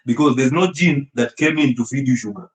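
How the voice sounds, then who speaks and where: A man giving an animated health talk, emphatic and teasing, often laughing and throwing rhetorical questions at his listeners. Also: medium pitch, brisk. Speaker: health speaker. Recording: echoey room.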